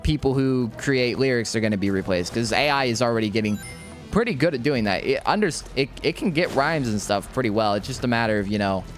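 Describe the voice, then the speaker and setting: A young man talks over his gameplay in a loose, slangy ramble, tripping over restarts as his thoughts run ahead of him. His voice sits at an ordinary middle pitch. Quiet game music plays under his talk. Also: expressive, fairly quick. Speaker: gaming YouTuber.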